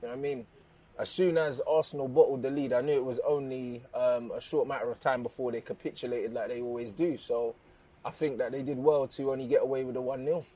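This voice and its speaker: A man's voice: mid-range voice, fairly even intonation, fast, warm tone. A young man giving dry, sarcastic put-downs as a mock fan pundit.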